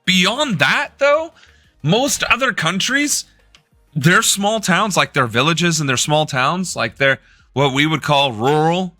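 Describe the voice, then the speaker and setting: A man's voice: a little high, lively intonation, slow, bright, forceful tone, dry recording, faint music behind. A young man from the United States hosting a political live stream, ranting in a profane, sarcastic way.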